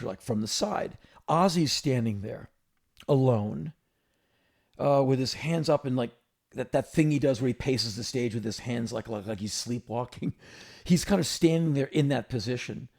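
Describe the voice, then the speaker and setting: Gravelly middle-aged male storyteller. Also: medium pitch. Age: 50s. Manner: animated, quick restarts and "like" fillers. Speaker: podcast host. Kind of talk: casual storytelling chat.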